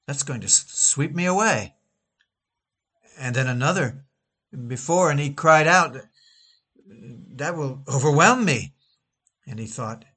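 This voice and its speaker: A man's voice: mid-range voice, a bit bright. Emphatic male preacher reading a sermon. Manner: dramatic, emphatic oratory with stretched key phrases.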